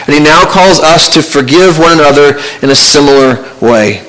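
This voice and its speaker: Male pastor, sermon delivery, earnest and conversational, a touch higher in pitch. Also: a bit bright, rough recording. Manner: earnest, conversational preaching with pauses.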